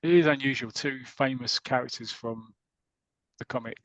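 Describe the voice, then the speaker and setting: A man's voice: medium pitch, fairly even intonation, normal speed, a bit bright, no echo, dull audio. Chatty man retelling a comic. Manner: chatty, hesitant restarts, reads passages aloud. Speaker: podcast host. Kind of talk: casual podcast chat, retelling a comic story.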